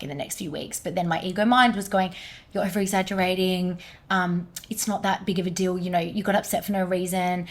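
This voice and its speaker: A woman's voice: lowish voice, gravelly, husky. Young woman telling her story animatedly. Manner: animated retelling, quoting others in lively bursts. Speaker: energy healer guest. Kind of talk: podcast conversation, storytelling.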